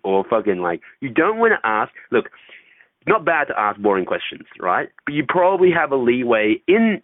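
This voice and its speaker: Low-voiced man on a tinny line. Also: no room sound. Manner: loose, profane, acts out phone calls. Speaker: dating coach guest. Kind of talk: casual interview talk. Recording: tinny phone-like line, dry.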